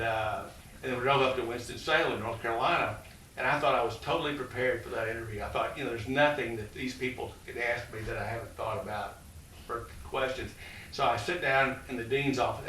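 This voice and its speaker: This college president in his sixties talks a little fast in a mid-range voice that sounds pushed and bright. He tells rambling stories to an audience with many fillers, and the echoey room, distant mic, and faint noise color the recording.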